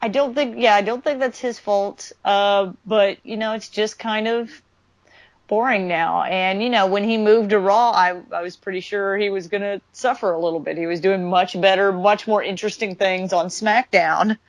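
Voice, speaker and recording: A woman's voice: mid-range voice, steady tone, normal speed, no echo. Dry matter-of-fact woman, dead close. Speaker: podcast co-host. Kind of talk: casual wrestling chat.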